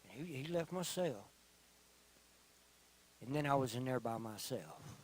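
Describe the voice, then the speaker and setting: A middle-aged man giving a personal testimony in church, telling his story slowly and earnestly, often dropping to a quiet voice. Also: mid-range voice, animated, a little hiss or hum, rough recording. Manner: slow, earnest storytelling with quiet, soft-spoken stretches. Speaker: testimony speaker.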